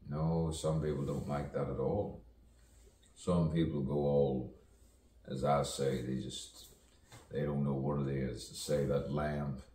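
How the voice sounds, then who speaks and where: A man's voice: a bass voice, flat delivery, unhurried, mellow, far from the mic. A man, a poet and playwright, rambling through a spoken-word monologue, musing and drifting between put-on voices and whispers. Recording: echoey room, voice off-mic, faint ambience.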